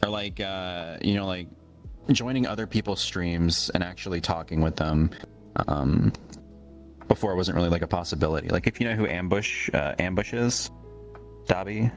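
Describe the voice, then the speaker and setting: A man's voice: low-pitched, moderate pace, faint music behind. A man as an interview guest on a livestream, laid-back, laughing often and rambling through answers.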